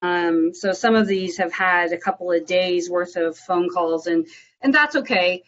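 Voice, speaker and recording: A woman's voice: fairly low pitch, measured pace, slight background noise. A woman from Nashville, a real estate agent, chatting casually with lots of fillers about how she prospects and runs listing appointments. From Nashville, USA. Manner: chatty, filler-heavy, bright and upbeat on calls. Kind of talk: live prospecting calls and Q&A. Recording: muffled lo-fi audio.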